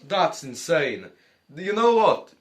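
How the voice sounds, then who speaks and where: High-voiced young man joking in reaction. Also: sing-song, slow pace. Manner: crude, joking, mock Russian persona calling everyone comrades. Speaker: reaction streamer. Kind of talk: casual reaction commentary.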